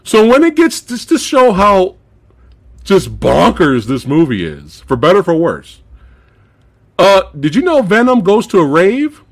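Animated man with a highly lively voice. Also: a little slow. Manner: animated, laughs often, acts out movie lines; swears freely. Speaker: podcast host. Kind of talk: casual movie review chat.

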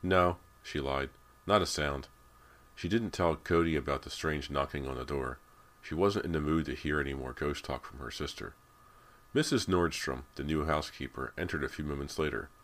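A man narrating an audiobook in a measured, deliberate reading voice. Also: very deep voice.

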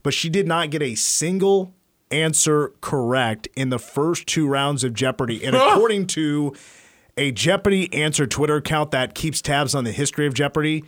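A man's voice: a little high, moderate pace, dry recording, clean studio sound. A man hosting a sports talk show, casually retelling sports stories. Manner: storytelling, animated retelling. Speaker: sports radio host.

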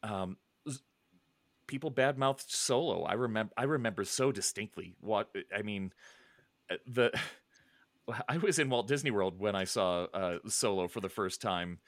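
A middle-aged man chatting casually, rambling with many restarts and soft chuckles. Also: lowish voice, unhurried, no echo, studio quality. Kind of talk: casual chat.

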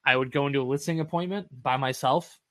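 Speaking fast in a mid-range voice with no echo, this co-host of a casual real estate podcast is animated and frank. He acts out who he used to be and swears without restraint.

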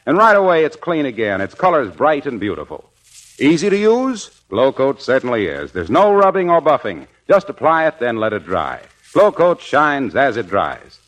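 A man's voice: medium pitch, wildly swooping pitch, normal speed. A male radio announcer reading a folksy, persuasive scripted ad and introduction. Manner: folksy, warmly persuasive salesman. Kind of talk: scripted radio advertising read. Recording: old radio broadcast.

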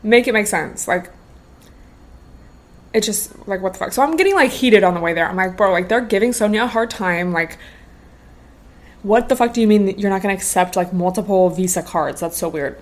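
A woman's voice: mid-range voice, a little fast. A woman in her twenties hosting a podcast, telling a casual storytime with lots of slang and swearing. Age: 20s. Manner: slangy, animated, swears freely. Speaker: podcast host.

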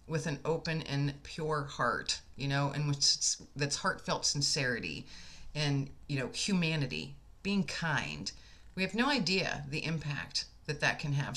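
Female podcast host, slightly low and bright voice, sincere and conversational. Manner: earnest, heartfelt storyteller with frequent fillers. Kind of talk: casual conversation, storytelling.

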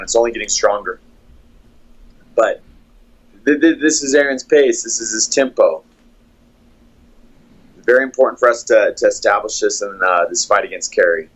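Man as a steady fight coach, dull audio. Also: on the low side, slightly rough. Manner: steady, analytical play-by-play. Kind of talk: breaking down fight footage.

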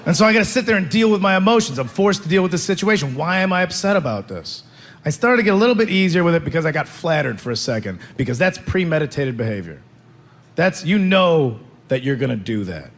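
A man's voice: a little high, sing-song, fast talker. A man performing stand-up comedy, telling a rambling, self-mocking story.

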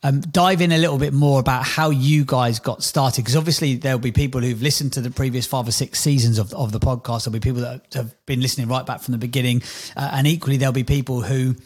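A man's voice: mid-range voice, steady tone, fast, a little mellow, breathy edge. A man, a podcast producer, casually interviewing the hosts, rambling with lots of fillers and restarts.

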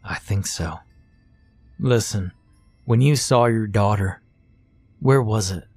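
A man voicing a weary, wary detective who mumbles in a low, blunt way. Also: takes it slowly, darkish tone, husky, no echo, faint music behind, full character voice. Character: weary, wary middle-aged male detective.

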